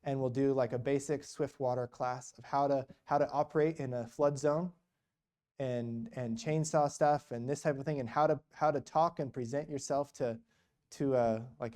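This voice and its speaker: A man's voice: medium pitch, darkish tone. A man speaking as a missionary guest at a church, telling a story in a casual, rambling way with lots of retold conversation. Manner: rambling, retells conversations with many quotes.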